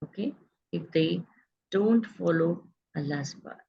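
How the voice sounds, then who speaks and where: Woman grammar teacher, low gravelly voice, patient and explanatory, dull lo-fi class audio. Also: slow. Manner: patient, explanatory, checks in with students. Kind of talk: online grammar lesson.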